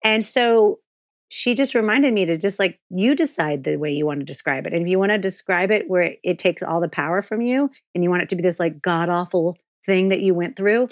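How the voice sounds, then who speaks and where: A frank woman guest in a candid podcast interview, lower-pitched than most women and speaking in an animated way that is quick to swear. The sound is dry, with no room echo.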